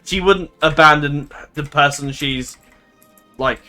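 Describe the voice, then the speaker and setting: A man's voice: fairly high pitch, takes it slowly, bright, forceful tone, soft background music. A man giving casual let's-play commentary, thinking aloud in a rambling way, swearing and laughing easily. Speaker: gaming commentator.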